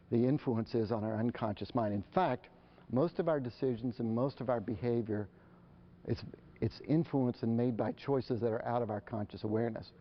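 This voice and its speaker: A man giving a live presentation to parents, animated and acting out the exchanges between parents and children. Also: medium pitch. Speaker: speaker on parenting. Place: lecture hall. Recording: dull lo-fi live recording.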